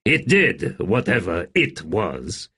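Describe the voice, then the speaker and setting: A man's voice: low-pitched, big pitch swings, slow pace, gravelly, bright, forceful tone, breathy edge, exaggerated voice. A man doing a weary dry-witted smith. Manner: dry, tired. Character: weary, dry-humored middle-aged male smith. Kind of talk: audiobook character voice.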